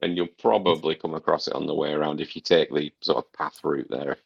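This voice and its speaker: A man's voice: rumbling low, fairly even intonation, fairly quick, creaky, slightly rough, dry recording, dull audio. A man co-hosting a casual gaming podcast, giving long rambling explanations and swearing casually. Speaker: podcast co-host reviewing a game.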